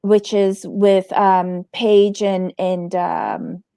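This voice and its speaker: A woman's voice: mid-range voice, flat delivery, drawn-out words, gravelly, warm tone, smooth, no echo, studio quality. A woman hosting a casual reality TV commentary show, talking bluntly and with lots of energy, swearing and acting out quotes.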